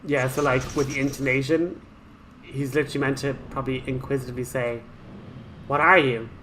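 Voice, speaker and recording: A man narrating a game walkthrough, chatty and excitable, flaring up as he relives a frustrating boss fight. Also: mid-range voice, fast talker, a little hiss or hum, poor audio. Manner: chatty with frequent fillers and restarts. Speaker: gaming channel host.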